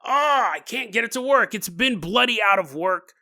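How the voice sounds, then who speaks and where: Man putting on a high, bright mock-British accent, grumbling bloke fed up with his drain. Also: expressive, moderate pace, vocal fry, full character voice. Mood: exasperated. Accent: put-on British.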